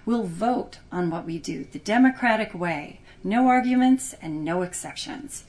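A woman's voice: medium pitch, expressive, a little slow, a little mellow, close to an everyday voice. A woman reading a firm, commanding father. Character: firm middle-aged father, stern family man.

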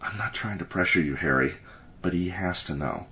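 Man reading anxious middle-aged father, strained, hesitant, lowish voice. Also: moderate pace, pushed and bright. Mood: worried.

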